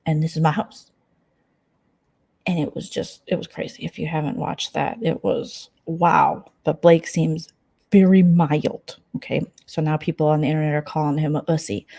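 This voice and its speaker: A woman's voice: sits low, vocal fry, mellow, slightly rough. A woman vlogger in a late-night casual chat, gossiping sarcastically about internet drama and sometimes dropping to a whisper. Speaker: vlogger host. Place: at home at night.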